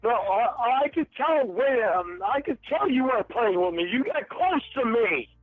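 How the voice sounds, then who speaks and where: A man's voice: extremely high pitch, sing-song, normal speed, no room sound, faint music behind. An angry man on a phone call, accusing and swearing heavily, heard over a tinny phone line.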